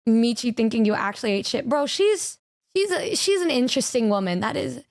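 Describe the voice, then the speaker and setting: A woman's voice: on the high side, big pitch swings, brisk, vocal fry. A young woman streaming, chatting casually and animatedly, swearing and mimicking other people in exaggerated voices. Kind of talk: casual stream reaction chat.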